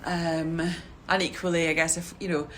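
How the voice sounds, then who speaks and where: Chatty Scottish woman, lower voice. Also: little pitch movement, normal speed, a bit bright, a little hiss or hum. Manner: chatty, lots of "you know" and "yeah". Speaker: community learning worker. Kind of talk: casual group reflection.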